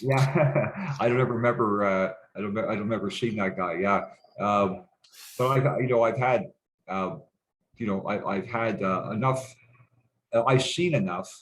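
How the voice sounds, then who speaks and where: A man's voice: lowish voice, normal speed, fairly bright tone, slight background noise, poor audio. A man from Canada talking in a casual interview, rambling with many restarts and fillers and swearing bluntly. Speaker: guest.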